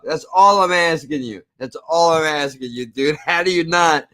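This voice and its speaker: Ranting, emphatic man with a high voice. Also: moderate pace, bright, forceful tone. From New Jersey, US. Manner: ranting, emphatic, repeats himself, swears. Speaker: podcast host. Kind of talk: casual podcast chat.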